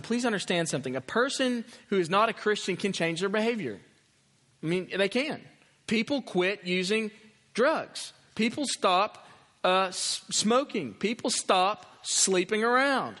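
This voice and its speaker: High-voiced preacher in a reverberant hall. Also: male voice, fairly bright tone. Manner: earnest, emphatic, repeats key phrases. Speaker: pastor. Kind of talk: sermon.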